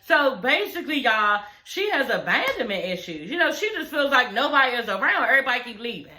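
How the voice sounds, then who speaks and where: A young woman talks straight to her viewers in a loose, chatty recap, often calling them y'all. Her voice sits a bit high, bright and forward. The room gives it a noticeable echo. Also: sing-song, a little fast. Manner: chatty, addresses viewers as y'all, frequent "you know what I'm saying". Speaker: reality show recap vlogger. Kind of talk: casual recap commentary.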